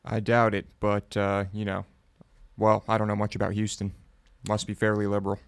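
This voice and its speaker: A man's voice: lowish voice, completely flat delivery, moderate pace, vocal fry, smooth, dry recording, studio quality. A man co-hosting a talk radio show, making skeptical, offhand remarks. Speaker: co-host. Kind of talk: casual talk radio banter.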